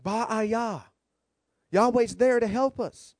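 A man who is a rabbi, preaching a sermon with animated, humorous storytelling. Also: very high-pitched, slow, dry recording.

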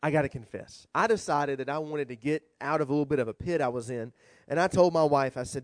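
A man who is a rabbi, preaching a sermon with animated, humorous storytelling. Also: fairly high pitch, fast, dry recording.

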